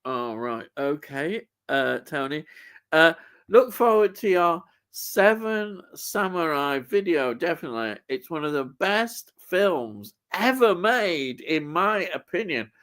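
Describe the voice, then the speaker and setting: Slow, rambling livestream host man. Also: on the high side, big pitch swings, fairly bright tone, smooth. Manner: slow, rambling, thinks aloud with fillers. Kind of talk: casual chat.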